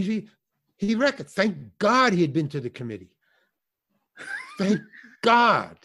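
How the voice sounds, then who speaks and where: An older man tells a long anecdote in a relaxed interview, his voice sitting a little high for a man. He jumps in and out of the voices of the people he describes, and keeps stumbling over fillers and restarts as he goes. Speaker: guest actor and comedian. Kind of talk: storytelling in a casual interview.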